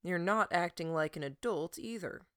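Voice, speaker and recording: A woman voicing a calm, firm teenage boy who speaks in a level, matter-of-fact way. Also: lowish voice, normal speed, smooth, no room sound, clean studio sound, close to an everyday voice.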